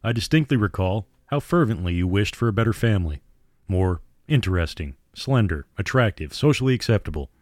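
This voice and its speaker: A man voicing a sinister male vampire who speaks in a calm, silky, taunting way. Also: on the low side, a little fast, no room sound, clean studio sound, close to an everyday voice. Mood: cold taunting.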